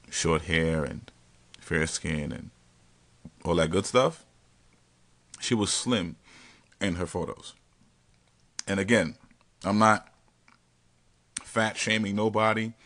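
Deep-voiced man telling stories casually. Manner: animated and slangy, laughs often. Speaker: podcast host telling stories. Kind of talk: casual storytelling.

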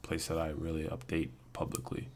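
A man's voice: very deep voice, completely flat delivery, a little fast, a little mellow. A young man, a guest on a podcast, talking in an easygoing way with frequent stammered restarts. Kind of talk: casual podcast chat.

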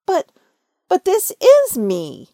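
A woman's voice: on the high side, big pitch swings, takes it slowly, a little mellow, no room sound, clean studio sound, full character voice. Woman doing Pooh, a stammering bear. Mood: puzzled. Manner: hesitant, stammering. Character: bumbling, polite, food-loving male teddy bear.

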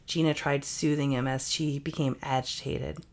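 A woman co-hosting a podcast narrates a tale in a brisk, even storytelling voice. Her voice is deep for a woman, low and steady throughout. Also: vocal fry. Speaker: podcast co-host. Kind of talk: comic reading of an erotic story.

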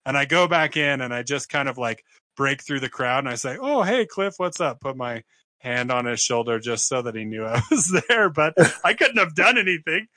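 Bright, dry-sounding podcast man. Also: medium pitch, moderate pace, no room sound. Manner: relaxed storyteller, laughs, quotes himself in a brighter voice. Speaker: podcast co-host. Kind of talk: casual storytelling chat.

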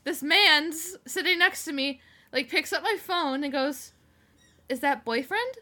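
Young woman co-host, bright tense voice, a touch high, candid and quick. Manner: fast, candid, laughs often. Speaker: podcast co-host. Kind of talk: casual chat. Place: home.

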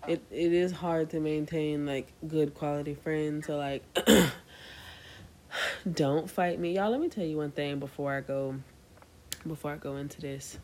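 A woman's voice: low-pitched, measured pace, a little hiss or hum. A young woman co-hosting a podcast, chatting casually and telling stories to listeners with lots of energy. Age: young adult. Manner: animated storyteller addressing listeners as y'all. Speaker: podcast co-host. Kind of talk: casual chat.

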